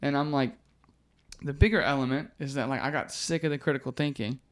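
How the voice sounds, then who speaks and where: A man's voice: mid-range voice, a little fast. A young man in his twenties talks through a story on a podcast, with a voice that sits in an ordinary mid range. He laughs through his own lines and swears loosely. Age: 20s. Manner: animated storyteller, laughs often, swears casually. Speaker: MMA fighter guest.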